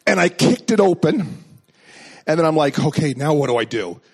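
Middle-aged man, pastor; animated sermon storyteller, slightly high voice. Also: normal speed, breathy edge. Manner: animated storyteller acting out dialogue.

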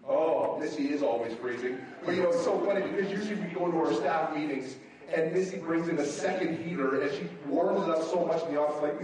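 A man with a high voice preaches a sermon in a very echoey hall, heard from some distance off the mic. He tells stories animatedly and acts out his own reactions as he goes. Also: fast talker, crowd noise. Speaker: pastor.

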